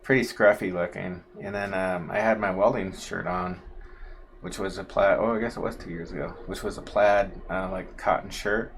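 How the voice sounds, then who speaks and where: Man, low voice, casual, rambling, lots of fillers, faint background noise. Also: fairly even intonation, normal speed. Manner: rambling, full of fillers and asides. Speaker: co-host, husband of the host. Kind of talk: casual storytelling on a livestream.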